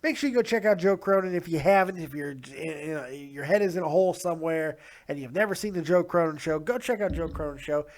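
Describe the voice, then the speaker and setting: A man's voice: fairly high pitch, brisk, hardly any pauses. A man hosting a casual solo commentary show, rambling, swearing and frustrated, saying he is exhausted. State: tired. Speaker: podcast host.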